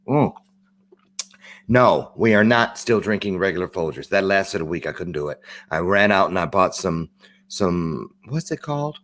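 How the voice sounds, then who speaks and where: A man hosting a live-streamed talk show, opening with a chatty, joking monologue and lively asides. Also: low-pitched, normal speed.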